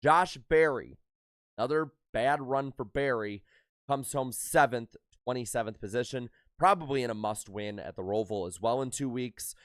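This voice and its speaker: A man of middle pitch recapping a race in a relaxed, chatty way, his voice a little worn and scattered with "uh"s. The sound is smooth and resonant, recorded close and dry with no room around it. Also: no echo. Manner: rapid rundown of results with filler "uh"s. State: slightly worn voice after a concert. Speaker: racing podcast host.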